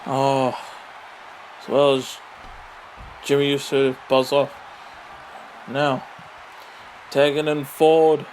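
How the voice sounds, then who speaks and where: A man commentating a wrestling video game with excited play-by-play, full of exclamations and mild swearing. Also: mid-range voice, very slow, long pauses, slight background noise. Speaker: gaming commentator.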